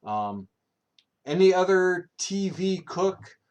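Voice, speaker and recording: A man's voice: high voice, very animated, slow, a little mellow, smooth, lo-fi sound. Male streamer in his thirties, loose rambling chat full of fillers and cursing. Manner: rambling, filler-heavy, profane storytelling. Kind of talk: casual chat.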